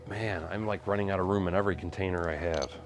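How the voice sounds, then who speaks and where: A man's voice: low-pitched, steady tone, fast talker, faint music behind. A man hosting a live stream, chatting casually and greeting viewers while he sorts bricks, with his mic set a little away from his face. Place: home hobby room. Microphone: mic kept a little away from the face.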